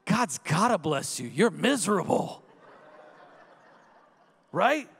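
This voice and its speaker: A man in his thirties preaching a sermon, telling a family story in an animated way, acting out the voices and rising to shouts. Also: sits high, slow, gravelly, slightly rough. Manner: animated storyteller who acts out quoted voices and rises to shouts. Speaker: guest preacher. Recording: long echoing hall reverb.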